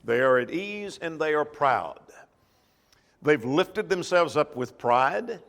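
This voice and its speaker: A man's voice: fairly high pitch, expressive, slow pace, a bit bright, in a large hall. A man teaching a church Bible class in a conversational way, asking the class questions as he goes.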